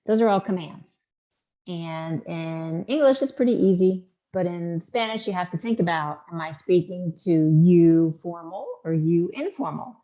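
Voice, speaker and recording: A woman teaching a Spanish lesson in a mellow, slightly low voice. She goes patiently through the examples and says each one slowly and clearly. The sound is a bit dull and lo-fi. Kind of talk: online language lesson.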